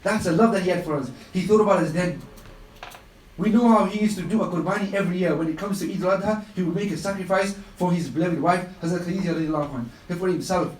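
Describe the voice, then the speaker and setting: Male religious speaker with a high voice, impassioned and repetitive, live radio talk in a roomy space. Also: fast talker, far from the mic, slight background noise. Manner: impassioned storytelling with emphatic repetition. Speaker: Islamic speaker on a radio show.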